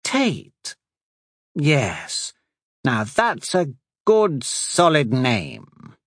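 Man voicing a smooth, manipulative storybook sorcerer; slow, soothing, lively in pitch. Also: no room sound, studio quality, heavily acted. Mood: disdainful. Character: cunning male sorcerer, smooth, patient and manipulative.

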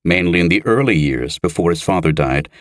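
Deep male audiobook narrator, steady measured reading, dry close sound. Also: no room sound. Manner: measured and even.

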